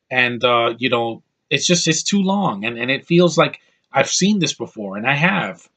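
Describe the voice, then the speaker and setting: Blunt, exasperated man ranting. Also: fairly high pitch. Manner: blunt, exasperated and animated, with frequent restarts. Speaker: movie reviewer. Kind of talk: ranting film review to camera.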